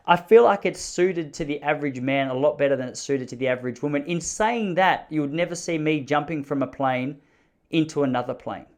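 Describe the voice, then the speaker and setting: Australian man, 30s, podcast host, slightly high voice, rambling wry riffs. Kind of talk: solo casual monologue.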